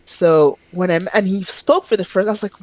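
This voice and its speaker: A woman from Quebec chatting on a podcast, telling animated stories with sudden high-pitched outbursts and swearing freely. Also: normal speed, dry recording, low-quality recording. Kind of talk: casual chat.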